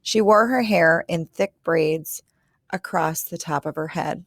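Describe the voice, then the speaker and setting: A woman reading a children's storybook aloud in a calm, measured way, telling it as a child narrator. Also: on the low side, dry recording, clean studio sound. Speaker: reader.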